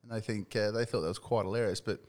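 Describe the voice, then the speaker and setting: Laid-back Australian man, low voice. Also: fairly even intonation, fast talker, darkish tone. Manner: laid-back, swears freely, laughs often. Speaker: podcast co-host. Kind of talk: casual sports chat.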